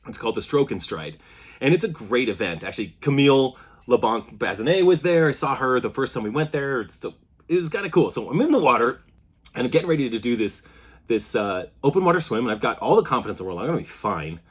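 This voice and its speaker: A man in his thirties telling a story to camera in a casual, animated way, often restarting his sentences. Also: medium pitch, quick pace, slightly rough. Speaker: CrossFit athlete vlogger.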